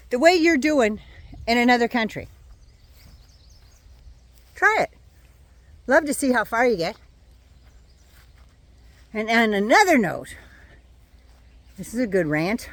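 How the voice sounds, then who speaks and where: A woman's voice: fairly high pitch, dry recording. An older woman ranting on her vlog, blunt, indignant and sarcastic. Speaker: vlogger.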